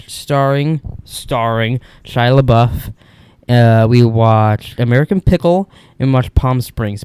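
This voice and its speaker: A man's voice: mid-range voice, darkish tone, smooth, no echo. A young man hosting a podcast, telling stories in a casual, rambling, candid way from an upstairs room at home. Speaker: podcast host. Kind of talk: casual solo monologue.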